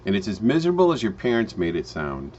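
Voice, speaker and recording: A man telling a home-business parable in a storytelling manner, with slow emphatic phrasing and frequent restarts. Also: lowish voice, huge pitch swings, darkish tone, a little hiss or hum. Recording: dull lo-fi recording.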